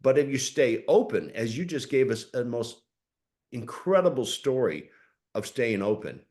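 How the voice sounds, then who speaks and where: Animated laughing male host. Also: medium pitch, moderate pace. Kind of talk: conversational interview.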